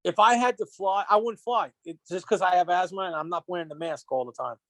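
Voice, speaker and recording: A man's voice: sits high, brisk, a bit bright, no echo. A man co-hosting a casual podcast, swearing freely and acting out quotes as he tells stories. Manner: profane, storytelling with acted-out quotes. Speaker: podcast co-host.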